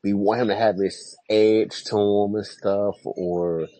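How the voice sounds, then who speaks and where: A man's voice: on the low side, steady tone, takes it slowly, warm tone, no echo, soft background music, low-quality recording. A man co-hosting a podcast in casual chat, stumbling over his first words. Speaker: podcast co-host.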